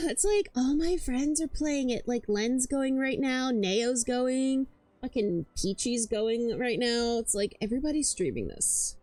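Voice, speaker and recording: Speaking a little slowly in a slightly high, very animated voice with no room sound, this woman streams and rambles through casual chat. Hyper but worn out, she curses often and trips over her words, stammering and repeating things.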